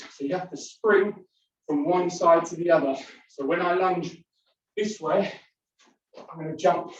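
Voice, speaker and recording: A woman's voice: on the low side, darkish tone. Breathless woman leading a workout, echoey room. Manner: counts down and calls out moves while exercising along. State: breathing hard between exercises. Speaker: fitness instructor. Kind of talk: leading a home workout class. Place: indoors. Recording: very echoey room, distant mic, dull sound, faint noise.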